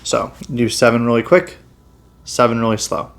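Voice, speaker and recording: Man, chiropractor, casual health lesson, easygoing, lots of ums and restarts, mid-pitched voice. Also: normal speed, vocal fry. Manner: relaxed, full of fillers and restarts.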